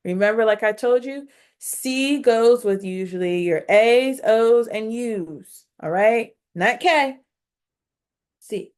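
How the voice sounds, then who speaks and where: Her voice is a touch high and darkish, with a clear, resonant tone, as she teaches phonics on video. Speaking straight to her learners, she moves at a slow, instructive pace, breaking each syllable apart and cheering them on.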